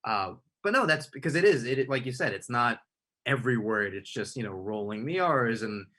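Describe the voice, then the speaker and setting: A man's voice: medium pitch, animated, brisk, bright, forceful tone. A man interviewing a guest, asking long, rambling questions with frequent restarts. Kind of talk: conversational interview.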